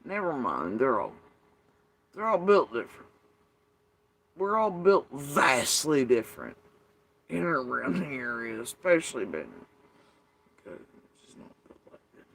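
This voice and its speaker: A man's voice: mid-range voice, very animated, a little slow, creaky, long pauses, fairly bright tone, breathy edge. Profane, rambling man ranting. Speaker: vlogger. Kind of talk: casual unscripted rant.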